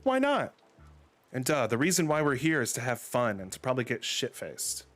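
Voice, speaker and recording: A man voicing a sassy young woman out clubbing, in a high, gushing voice. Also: animated, a little fast, a bit bright, faint music behind.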